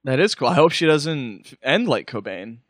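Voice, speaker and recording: A man's voice: fairly high pitch, big pitch swings, moderate pace, dry recording, studio quality. A man hosting a call-in show, reassuring a caller in a playful, encouraging way. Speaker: host. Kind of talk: casual call-in chat.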